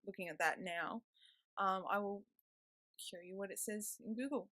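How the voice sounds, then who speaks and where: A woman's voice: mid-range voice, normal speed. A young woman, chatting to camera in a rambling vlog, recorded indoors on a laptop webcam mic with a noisy pet bird nearby. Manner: rambling, chatty, with frequent ums and self-talk. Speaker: vlogger. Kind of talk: casual chat to camera. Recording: loud background noise from laptop webcam.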